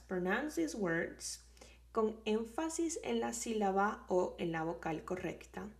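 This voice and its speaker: Colombian woman, language teacher, slow careful delivery, mid pitch. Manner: patient, repeats words slowly and clearly. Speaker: Spanish teacher. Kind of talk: slow explanatory lesson.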